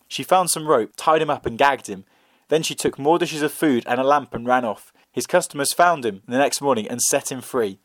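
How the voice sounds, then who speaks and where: A man's voice: medium pitch, normal speed. Man reading a folk tale aloud. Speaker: storyteller. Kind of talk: scripted folk-tale narration.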